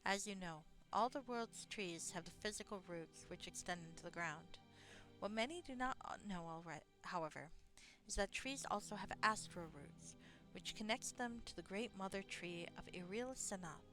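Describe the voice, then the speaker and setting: A woman's voice: mid-range voice, moderate pace, a bit bright, faint music behind, lightly acted. A woman voicing a wise male wizard who advises the hero in formal, solemn phrasing. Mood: explaining. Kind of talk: reading game dialogue aloud.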